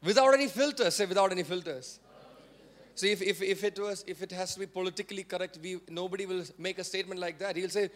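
A male pastor with an Indian English accent preaching a sermon, repeating phrases and prompting the congregation to say words back, rising to forceful emphasis. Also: sits high, quick pace. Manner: repetitive, call-and-response preaching.

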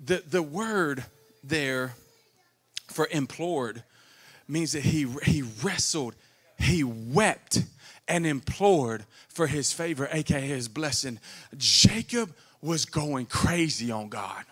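A man preaching a sermon as a guest speaker, emphatic and fervent, often saying "come on" and sometimes dropping to a quiet, low voice. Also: animated, takes it slowly. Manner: drops to a low, quiet voice in long passages.

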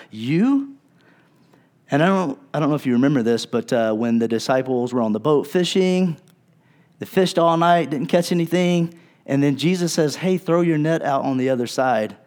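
A man preaching a sermon at a middle pitch, talking in a casual, chatty way. He acts out the people he quotes, then sinks low and quiet to press a point. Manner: conversational, acts out quotes in voices; wide swings in loudness, drops low and soft for emphasis. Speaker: pastor.

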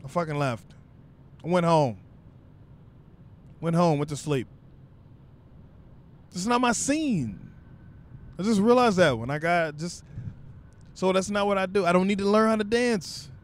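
A man's voice: sits high, lively intonation, unhurried, pauses often. A young man vlogger telling a comic story in loose, profane, conversational talk.

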